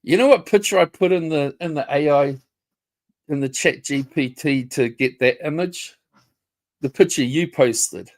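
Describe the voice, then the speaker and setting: A man's voice: fairly high pitch, measured pace. A man ranting confrontationally on a casual livestream, swearing and repeating himself. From New Zealand.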